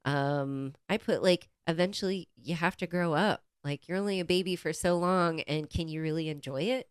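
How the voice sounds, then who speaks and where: A woman's voice: fairly low pitch, normal speed, clear, resonant tone, no echo, studio quality. A woman co-hosting a podcast in casual chat, giggling often and playful. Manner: giggly, playful, does silly voices. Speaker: podcast co-host.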